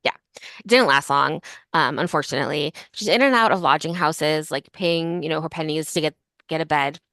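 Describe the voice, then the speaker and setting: A woman's voice: deep voice, moderate pace, bright, forceful tone, no room sound, clean studio sound. A woman hosting a casual history podcast, telling a story in a chatty way full of fillers like "like" and "um". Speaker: podcast host.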